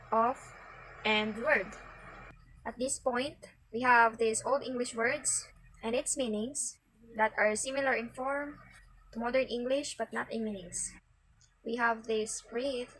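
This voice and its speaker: A woman student presenting to her class, brisk and listing example words one by one. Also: on the high side, bright, forceful tone, slight background noise, low-quality recording.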